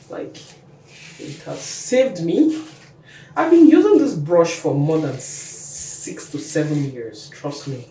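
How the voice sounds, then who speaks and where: Slow-talking woman hair vlogger, roomy sound. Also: sits low, mellow. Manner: chatty, talks the viewer through each step. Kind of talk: casual how-to vlog. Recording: echoey room, mic at a distance, faint noise.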